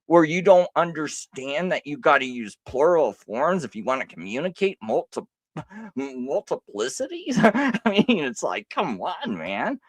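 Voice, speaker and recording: A man's voice: a little high, very animated, unhurried, no echo. A man hosting a livestream, rebutting a critic in a sarcastic, mocking tone with frequent laughs. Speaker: livestream host.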